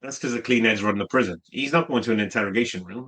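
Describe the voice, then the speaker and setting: A man's voice: mid-range voice, quick pace, fairly bright tone, husky. A man co-hosting a film podcast, making jokes and chuckling in casual chat. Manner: jokey, chuckling. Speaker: podcast co-host.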